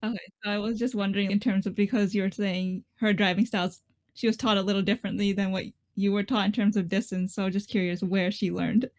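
A woman co-host asks quick, polite follow-up questions in a casual interview. Her voice sits in a middle range. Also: medium pitch, steady tone, a little mellow.

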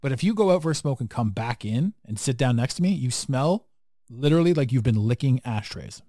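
A man's voice: mid-range voice, animated, fairly quick, dark tone, dry recording, studio quality. A man hosting a casual podcast conversation, talking bluntly and emphatically and swearing freely. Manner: blunt, profane, emphatic and preachy. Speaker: podcast host.

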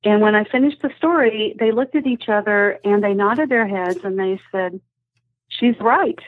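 A woman's voice: medium pitch, moderate pace, dry recording. A woman guest telling animal stories with enthusiasm on a podcast, heard over a phone line. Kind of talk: storytelling interview guest. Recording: husky tinny phone line, dry.

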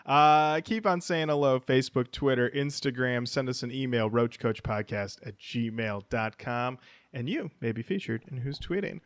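A man's voice: medium pitch, normal speed, dry recording. Wry male podcast co-host, dry sound. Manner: wry, animated, reads comments aloud. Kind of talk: casual chat reading listener comments.

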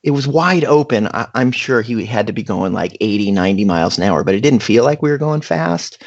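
Gravelly man telling a casual story. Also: fairly low pitch, a little fast, muffled recording. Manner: animated, chatty, full of fillers. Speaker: guest storyteller. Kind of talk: casual anecdote.

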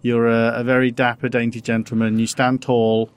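A man hosting a casual podcast, rambling with halting restarts and self-deprecating asides. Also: mid-range voice, monotone, clean tone. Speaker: podcast host.

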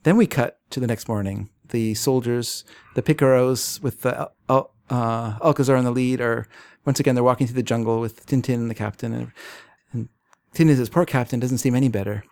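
A man in casual chat, retelling a comic's plot in a relaxed storytelling way with fillers. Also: mid-range voice, brisk. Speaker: podcast co-host.

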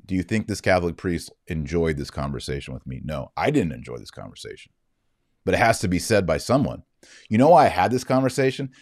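Casting: man, very low voice, emphatic storyteller, dry close sound. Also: sing-song, fairly quick, darkish tone, no room sound. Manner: emphatic, indignant retelling. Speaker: Catholic commentator. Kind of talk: storytelling monologue.

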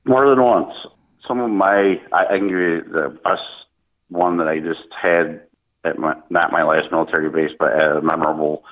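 Low-voiced man on a tinny phone line. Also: steady tone. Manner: earnest, halting, with frequent restarts. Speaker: guest, speaker at military events. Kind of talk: conversational interview.

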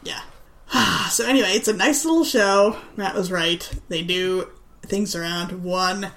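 A woman co-hosting a podcast, chatting in a relaxed way and laughing often. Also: medium pitch, unhurried. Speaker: podcast co-host. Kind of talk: casual chat.

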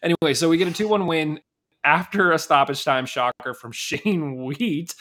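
A man's voice: on the high side, normal speed, fairly bright tone. Guy hosting a sports podcast, chill and chatty, lots of ums and likes. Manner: easygoing, chatty, lots of fillers like "um" and "like". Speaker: podcast host. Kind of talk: casual sports podcast chat.

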